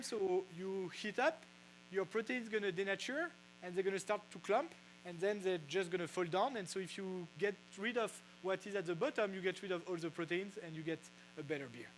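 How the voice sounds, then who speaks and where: High-voiced man with a French accent. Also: fairly bright tone, slight background noise, rough recording. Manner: halting, many fillers and restarts. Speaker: physicist explaining brewing science. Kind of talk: casual lecture. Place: brewery.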